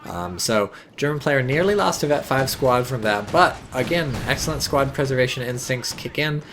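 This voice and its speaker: A man commenting casually on a strategy game, his voice sitting at a middling pitch. He swears often, jumps into excitement and slips into sarcasm. A faint hiss runs beneath the recording. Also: moderate pace. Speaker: game caster.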